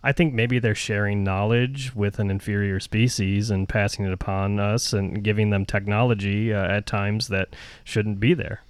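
A man co-hosting a casual podcast, offhand and deadpan. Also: fairly low pitch, normal speed, clear, resonant tone, no echo. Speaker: podcast co-host.

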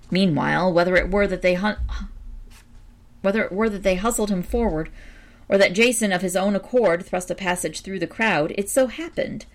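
A woman reading a storybook aloud with a low, gravelly voice. Her reading is measured and expressive. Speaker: narrator.

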